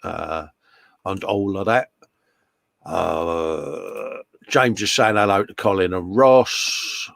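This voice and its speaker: A man's voice: low voice, slow pace, vocal fry, a bit bright, no room sound, studio quality. A man hosting a casual live chat from his workshop, laughing often and reading out viewer comments. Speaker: host. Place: home workshop.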